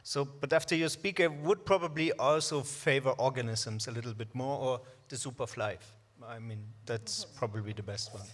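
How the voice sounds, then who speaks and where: A man of middling pitch speaks on a live symposium panel. He talks thoughtfully and tentatively, weighing his words as he goes. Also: normal speed, few pauses.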